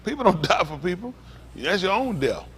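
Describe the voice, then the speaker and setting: A man delivers a sermon as pastor. He alternates between slow, deliberate scripture reading and lively call-and-response commentary, often pushing up into emphatic, questioning exclaims. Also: high voice, slightly rough. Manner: reads scripture aloud slowly between comments.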